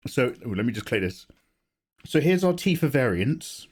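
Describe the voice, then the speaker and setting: A man, slightly hoarse from a cough, casually chatting and joking with viewers while he draws on a live stream. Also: medium pitch, very animated, moderate pace. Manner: chatty, joking, greets chat by name. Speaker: art streamer.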